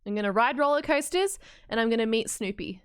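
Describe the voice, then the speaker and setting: A woman's voice: a little high, lively intonation, clear, resonant tone, dry recording, clean studio sound. An Australian woman streaming a game live, chatting in a bubbly, joking way. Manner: bubbly, chatty, quick to joke.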